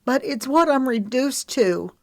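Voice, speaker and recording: Woman voicing a high-strung tearful diva. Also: lively intonation, measured pace, no room sound, clean studio sound. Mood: hurt, angry. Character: proud emotional young woman, a diva. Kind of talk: audiobook character reading.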